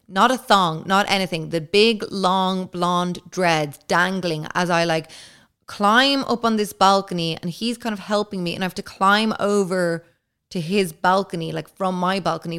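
A woman's voice: medium pitch, a bit bright, smooth. Chatty, cursing woman telling a story. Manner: chatty, heavy filler words, frequent swearing. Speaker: podcast host. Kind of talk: casual storytelling.

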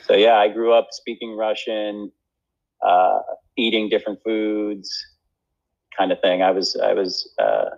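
A man's voice: on the low side, fairly even intonation, measured pace, gravelly, a little mellow, dull audio. A man who is an actor, talking casually in a rambling, self-deprecating way with many fillers and restarts. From United States. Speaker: actor and guest. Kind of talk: casual conversation.

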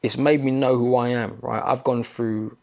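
A man's voice: mid-range voice, steady tone, normal speed, vocal fry, darkish tone. A middle-aged man with a London accent, a podcast guest telling stories bluntly and swearing often. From England. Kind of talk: casual chat.

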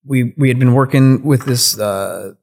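A man talking openly as a guest, his voice sitting at an ordinary middle pitch. He is earnest and reflective, and he drops the odd curse word along the way. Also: unhurried, gravelly, a little mellow. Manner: reflective, earnest, swears casually. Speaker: guest, cannabis breeder. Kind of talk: candid conversational storytelling.

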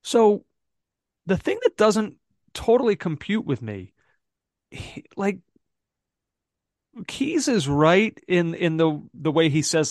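Chatty higher-voiced man, rambling. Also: very animated, unhurried, pauses often, no echo, studio quality. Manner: rambling, thinks aloud with many fillers and restarts. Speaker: podcast co-host. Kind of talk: casual football podcast chat.

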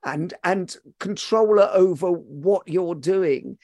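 A man's voice: sits high, slow pace, a little mellow, no echo. A man hosting a podcast, encouraging and reflective in casual interview chat. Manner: encouraging, laughs easily, reflective. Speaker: podcast host.

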